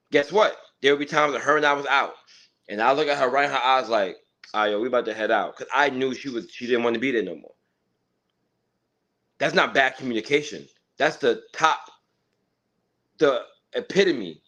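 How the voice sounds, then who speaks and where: Male host, insistent debater, restarts a lot, mid pitch. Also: a bit bright, poor audio. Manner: insistent, repeats words while arguing. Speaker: podcast host. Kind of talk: casual debate.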